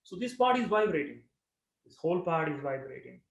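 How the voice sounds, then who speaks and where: A man teaching breathing and throat-center chanting, giving calm explanations between long, projected chanted syllables. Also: fairly high pitch, fairly quick, vocal fry, echoey room, lo-fi sound. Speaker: yoga and meditation teacher. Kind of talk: guided breathing and chanting instruction.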